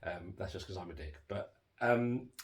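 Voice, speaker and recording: A man's voice: deep voice, normal speed. A man co-hosting a casual chat podcast, talking in a rambling, self-deprecating way. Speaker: podcast co-host.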